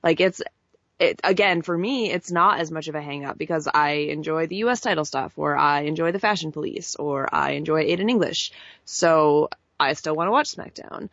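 A woman with a fairly low voice, co-hosting a wrestling chat show. She reasons through her opinions at an even pace, leaning on "like" as she thinks. The sound is dry and a little dull. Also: no echo. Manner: measured, thinking aloud with many "like" fillers. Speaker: podcast co-host.

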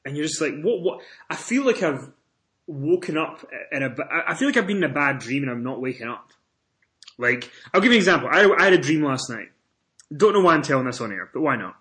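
A man co-hosting a casual wrestling podcast, telling stories with animated swings in pitch and loudness. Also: fast talker. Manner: animated storytelling, rises in pitch and volume when excited. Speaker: podcast co-host.

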